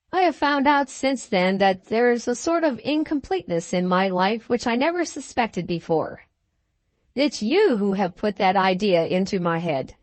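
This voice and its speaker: A woman reading the part of a blunt, plain-spoken gentleman farmer in an audiobook, with an earnest, emphatic manner. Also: fairly high pitch, dry recording.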